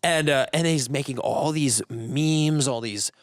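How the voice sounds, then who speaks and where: A man chatting on a podcast in a dry, close-miked room, telling lively stories and slipping into quick impressions of people he has met. His voice sits at an ordinary pitch for a man. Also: dry recording. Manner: animated storyteller, mimics people he quotes. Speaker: guest, jiu-jitsu competitor. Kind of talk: casual podcast conversation.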